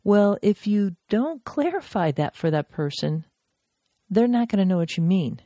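A woman crisis intervention trainer giving an instructional podcast talk, emphatic and animated when she acts out examples. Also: mid-range voice, a little slow, no echo, clean studio sound.

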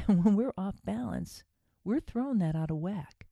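A woman's voice: mid-range voice, expressive, moderate pace, creaky, warm tone, no echo, muffled recording. A middle-aged woman hosting a podcast, chatting casually while guiding relaxation and breathing exercises. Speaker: podcast host. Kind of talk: casual wellness talk.

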